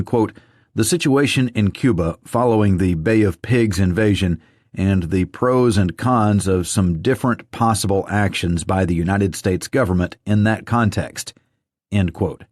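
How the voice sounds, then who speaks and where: Low-voiced man reading a government report. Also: a little mellow, no echo, studio quality. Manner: measured, reads quotes and footnotes aloud. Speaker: audiobook narrator.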